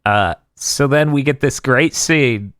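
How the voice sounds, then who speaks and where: A man on a casual podcast recapping anime episodes, laughing often and acting out characters' lines in quick voices. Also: mid-range voice, fairly bright tone, no echo, clean studio sound. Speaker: podcast co-host.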